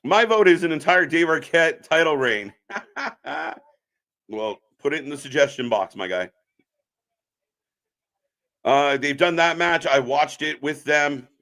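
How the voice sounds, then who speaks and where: A man co-hosting a live wrestling stream, chatting casually and reacting loudly to the action. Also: a little high, expressive, measured pace, long pauses.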